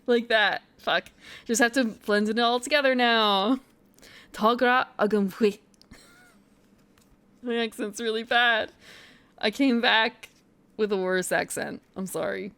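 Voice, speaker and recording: A woman's voice: on the high side, slow pace, vocal fry, pauses often, a bit bright, smooth. A woman streamer chatting casually on a live stream, thinking aloud, muttering to herself and sounding out foreign phrases.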